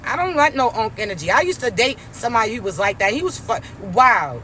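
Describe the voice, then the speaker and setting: A woman's voice: a little high, big pitch swings, brisk, hardly any pauses, pushed and bright, a little hiss or hum. A young woman ranting casually to her viewers, brash, profane and mocking as she talks. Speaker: spiritual vlogger. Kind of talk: casual rant to camera.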